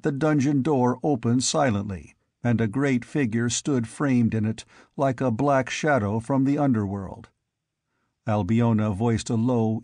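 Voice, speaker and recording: A man narrates a fantasy audiobook in a measured, dramatic way. His voice sits in a middle pitch. It is recorded dry and close, with no room sound. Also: darkish tone, no room sound. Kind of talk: scripted narration.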